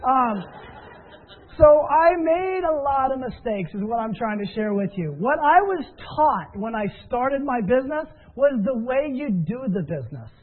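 A fairly high-voiced man tells stories and coaches his listeners in an upbeat, encouraging way. His voice comes through a thin, tinny phone line. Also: very animated, measured pace. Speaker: business trainer. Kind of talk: motivational training talk.

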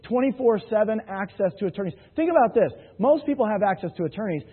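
A man's voice: high-pitched, lively intonation, fast talker, slightly rough. A man giving an anecdotal sales talk to a live audience in a hall, joking and often asking the crowd "right?". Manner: jokey storyteller, keeps asking the crowd "right?". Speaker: sales presenter. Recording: tinny, phone-like, with long hall reverb.

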